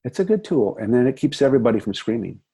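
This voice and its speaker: A middle-aged man with a warm, darkish voice and a husky edge. He chats as a podcast guest about his work as an assistant director. His telling is lively and rambling, with plenty of restarts. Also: medium pitch, fast. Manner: lively, chatty storytelling with frequent laughs and restarts. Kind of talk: casual conversation.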